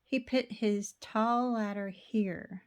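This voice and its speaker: Slow-reading woman storyteller. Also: medium pitch, steady tone, clear, resonant tone. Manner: slow, rhythmic, with playful sound words. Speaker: storybook reader. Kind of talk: reading a children's picture book aloud.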